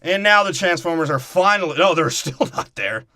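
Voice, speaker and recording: A man's voice: a little high, expressive, normal speed, sharp tone. A young man co-hosting a casual movie-recap podcast, crude and profane, joking as he recaps. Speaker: podcast co-host.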